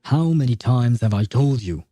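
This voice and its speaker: A man's voice: medium pitch, expressive, moderate pace, warm tone, dry recording, close to an everyday voice. A man voicing a stern, contemptuous female coach in a video game. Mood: scolding. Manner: scolding, contemptuous.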